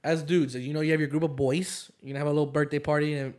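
A man's voice: fairly high pitch, level tone, quick pace, a little mellow. A young man co-hosting a casual podcast, rambling with lots of fillers. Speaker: podcast co-host. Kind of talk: casual chat.

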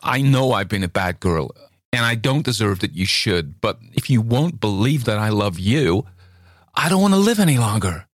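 A man with a low voice playing an eager young American woman who pleads her love in a raised, emotional voice. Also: big pitch swings, normal speed, no room sound, clean studio sound. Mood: despairing. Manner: breathless, imploring, emotional.

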